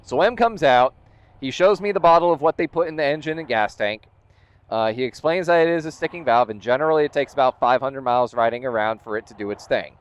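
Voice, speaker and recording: Man, casual storytelling vlog, exasperated, smooth voice, slightly muffled sound. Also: mid-range voice, fast. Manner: exasperated, retells events with quoted dialogue. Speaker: motorcycle vlogger.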